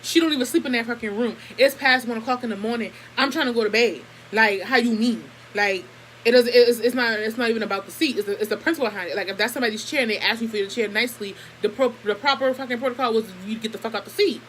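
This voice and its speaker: A woman's voice: a little high, fast, a little hiss or hum, low-quality recording. A young woman telling a family story to her camera in a casual, profane and heated way. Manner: profane, animated, heated retelling. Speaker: vlogger.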